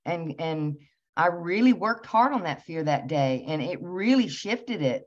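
A woman host telling a personal story in a casual, animated way, laughing as she recounts it. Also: lowish voice, a little slow. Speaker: channel host. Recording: slightly dull lo-fi recording.

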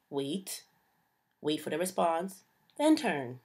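A woman's voice: low voice, lively intonation, slow, pauses often, husky. A young woman ranting to camera about her pet peeves in a sassy, exasperated, slangy way. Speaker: vlogger. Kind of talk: casual comedic rant to camera.

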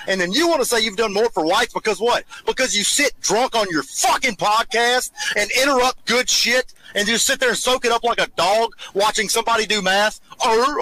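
Dude ranting and cussing at someone not there, high voice that jumps all over, bright and sharp. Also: male voice, poor audio. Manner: heated, cursing, repeatedly taunting someone who isn't there. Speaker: show host. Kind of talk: angry profane rant during a road trip.

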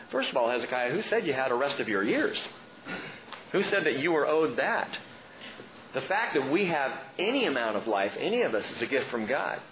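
Animated pastor preaching, lively pitch. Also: male voice, fairly quick. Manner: animated, joking asides. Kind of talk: expository sermon. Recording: muffled with steady background noise.

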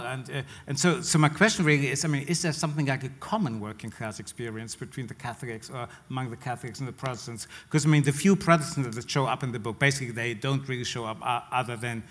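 A man in a mid-range voice asks an author long, carefully built questions. He pauses often on "uh" while he thinks them through. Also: medium pitch, a bit bright. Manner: thoughtful, halting with "uh". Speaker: interviewer. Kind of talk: literary interview questions.

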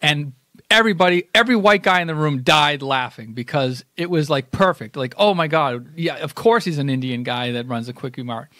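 Male podcast co-host, mid pitch, dry close sound, casual and reflective. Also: normal speed, hardly any pauses, fairly bright tone, no echo. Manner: thoughtful, many restarts, explains at length. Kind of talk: casual chat.

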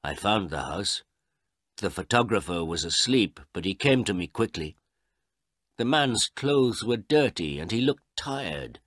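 Male storybook narrator, low voice, lively pitch, dry close sound. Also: dry recording. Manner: slow, clear and deliberate. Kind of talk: scripted storybook narration for learners.

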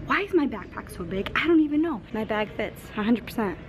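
A woman vlogging casually to camera, bubbly and excitable, often gasping and giggling as she talks. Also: a little high, brisk. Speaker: vlogger and streamer. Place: home room, then an airport terminal. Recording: noisy handheld vlog audio.

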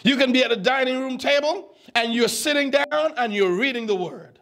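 A man in his twenties preaching a sermon, teaching the Bible with animated, teasing questions to his congregation. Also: very high-pitched, normal speed. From U.S. Virgin Islands. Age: 20s.

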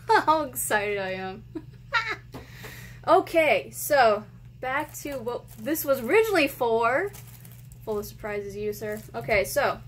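An excitable woman hosts a casual unboxing vlog for her gaming channel. Her voice sits a little high, and she gushes and squeals with delight. Faint noise hums under the recording. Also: low-quality recording. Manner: excitable, gushing, often squealing and laughing.

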